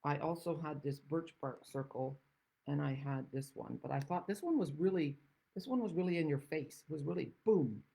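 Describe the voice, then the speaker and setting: Chatty woman with a husky, gravelly voice. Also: sits low, normal speed, mellow, rough recording. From Netherlands. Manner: chatty, rambling, self-deprecating asides. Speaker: craft demonstrator and channel host. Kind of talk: card-making tutorial.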